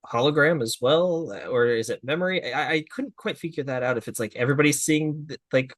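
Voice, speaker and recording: A man co-hosts an anime review podcast, chatting casually in a thoughtful, somewhat hesitant manner. His voice sits fairly high and sounds brisk and slightly bright, with no echo in the recording.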